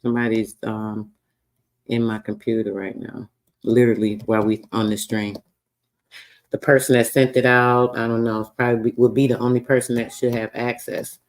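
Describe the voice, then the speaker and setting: A man hosts a casual livestream in an everyday, mid-pitched voice. He talks loosely and swears freely, reading out old records. His manner stays relaxed but openly frustrated. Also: normal speed. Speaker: livestream host.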